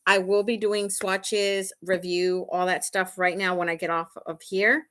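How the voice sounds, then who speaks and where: Woman, beauty vlogger, live makeup tutorial, rambling casual chat, frequent laughs, middle-pitched voice. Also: little pitch movement, a little slow, fairly bright tone. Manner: chatty and rambling, laughs often; talks straight to viewers, asking "right?" and "okay?". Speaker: beauty vlogger hosting a livestream.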